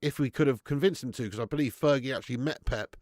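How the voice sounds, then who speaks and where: A middle-aged man, chatting excitably through a live football watch-along, swearing and bantering with his viewers. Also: medium pitch, fast, no room sound, studio quality.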